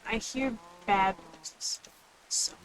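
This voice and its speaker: A woman's voice: medium pitch, very slow, noisy background. A woman streaming a game, chatting casually in a rambling way and answering chat. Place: home room with others nearby.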